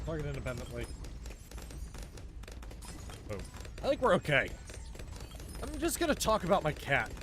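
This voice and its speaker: There's background noise as a man with a slightly high voice banters with his stream audience mid-game, sarcastic and joking throughout. His pitch swoops wildly, his speed is normal, and he pauses often in this casual gaming chat.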